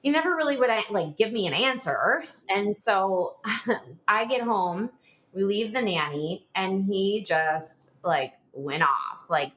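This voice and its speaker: A woman in her forties speaks as a podcast guest, recounting a personal story. Her voice sits in a middle register but swings widely up and down. She talks in quick, animated bursts and leans on "like" as a filler. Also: mid-range voice.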